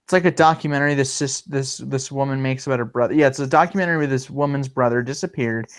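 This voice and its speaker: A man's voice: mid-range voice, quick pace, smooth. A man hosting a casual livestream, rambling with many fillers and restarts. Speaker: livestream host.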